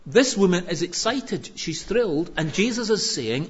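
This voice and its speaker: A man preaching a sermon in a lively, conversational storytelling way with touches of humor. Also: sits high, unhurried, hardly any pauses, husky, highs cut off.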